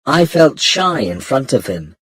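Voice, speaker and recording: Male narrator for learner audiobook, slow, lively pitch, breathy, dry booth sound. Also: no room sound. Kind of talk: scripted narration of a graded reader.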